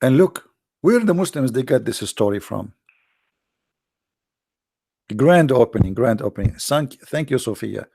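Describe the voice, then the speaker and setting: A man's voice: mid-range voice, lively intonation, a little slow, gravelly, pauses often, dark tone, husky, dry recording, studio quality. A man with an Arabic-accented English hosting a livestream, talking in a sarcastic, mocking casual commentary. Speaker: livestream host.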